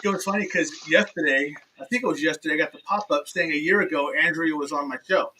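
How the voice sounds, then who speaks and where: A man hosting a talk show, telling animated stories that act out quoted dialogue, and laughing often. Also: a little high, quick pace, recorded from a distance, noisy background. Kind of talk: casual interview chat.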